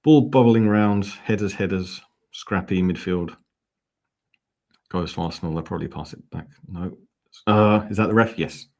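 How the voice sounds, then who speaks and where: A man's voice: low voice, moderate pace, a little mellow. A man hosting a live football fan watch-along, calling the play and chatting back to viewer comments. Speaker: fan channel host.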